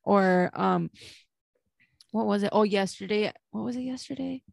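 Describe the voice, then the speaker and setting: A woman's voice: medium pitch, normal speed, creaky, darkish tone, no echo. A young woman co-hosting a podcast in casual chat, candid and laughing, swearing freely and slipping into Spanish phrases. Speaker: podcast co-host.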